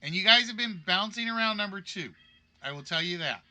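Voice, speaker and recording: A man's voice: sits high, expressive, a little fast, sharp tone, soft background music. A man hosting a live-streamed game show, chatty and joking as he reads out players' guesses.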